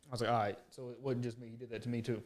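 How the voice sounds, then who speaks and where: A podcast co-host tells a story in rapid, streetwise, profane chat. His voice sits at an ordinary middle pitch. He slips into the voices of the people in the story as he goes. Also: a little hiss or hum. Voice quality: profane, animated storyteller who acts out quotes.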